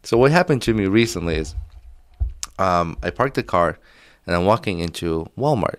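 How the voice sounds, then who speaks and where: Podcast co-host, very low male voice, dry close sound, laughs a lot while telling stories. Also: expressive, normal speed, no room sound. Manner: laughs through his stories, swears casually. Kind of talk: casual chat.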